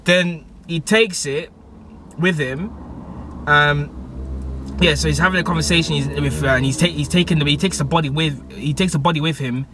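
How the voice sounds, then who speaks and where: Excitable young guy, bright voice. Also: fairly high pitch, normal speed, slight background noise. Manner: excitable and slangy, with many fillers and restarts. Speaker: TV show reviewer. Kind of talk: casual episode recap.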